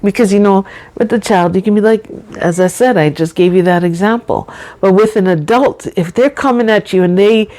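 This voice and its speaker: A middle-aged woman talking slowly and deliberately in a personal vlog, carefully enunciating her words and chatting casually. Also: medium pitch, mellow. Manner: chatty, says y'all and you know. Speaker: vlogger.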